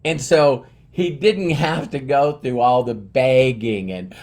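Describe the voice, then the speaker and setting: A motivational speaker in his fifties delivers an earnest, rambling monologue, often starting his sentences over. His voice is mid-range, slow and a little mellow.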